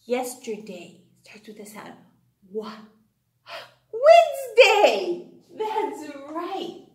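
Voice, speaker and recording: A high, lively woman's voice teaches phonics to small children at a very slow, sing-song pace. She cheers them on and gasps with delight at their answers. The room has a noticeable echo. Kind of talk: phonics lesson for young children.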